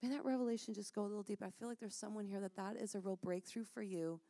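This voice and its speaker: A woman's voice: mid-range voice, steady tone, fast, warm tone, dry recording. List: woman, heartfelt faith talk, earnest, laughs often, dry close sound. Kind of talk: conversational faith talk with prophetic encouragement.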